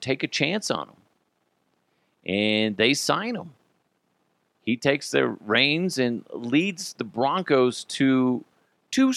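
A man hosting a sports podcast in a loose, chatty style. His pitch rises and falls a lot as he gets worked up, and he swears casually. The sound is dry and close to the mic. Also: dry recording. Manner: animated, swears freely, laughs often. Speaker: podcast host.

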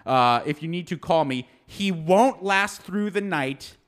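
A man telling a story in casual chat, animated and acting out the people he quotes. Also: high voice, measured pace. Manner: animated, acts out quoted people, laughs often. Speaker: podcast co-host telling a story.

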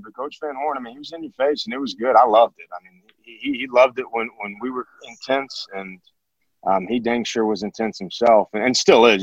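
A man in his thirties, a former college catcher turned high school teacher, telling stories in a podcast interview with many restarts and fillers. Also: no echo. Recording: dull, dry podcast audio.

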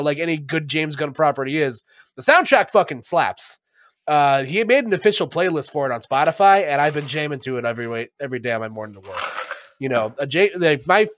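A man's voice: medium pitch, fairly bright tone, dry recording, clean studio sound. A man co-hosting a podcast in casual chat, rambling, swearing a lot and laughing often. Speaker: podcast co-host.

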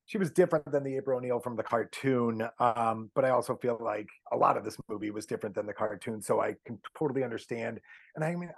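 A man's voice: mid-range voice, creaky, slightly rough, dry recording. A man talking as a podcast guest in a rambling, casual way, full of "like" and "you know". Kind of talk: casual chat.

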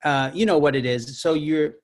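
A man's voice: on the high side, moderate pace. Reflective man in his thirties. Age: 30s. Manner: reflective, earnest, building long thoughts. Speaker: guest, actor and musician. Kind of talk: casual podcast chat.

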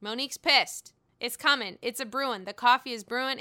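Woman, casual recap vlogger, gossipy and profane, smooth clear voice. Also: a little high, moderate pace, few pauses, pushed and bright. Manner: gossipy, swears freely, laughs often, mimics people.

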